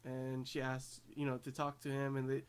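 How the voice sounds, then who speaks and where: Casual male vlogger, mid-pitched, rambling anime recap with lots of ums and restarts. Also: completely flat delivery, normal speed, smooth. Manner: rambling, many fillers and restarts; gushing about cute scenes. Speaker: anime reviewer.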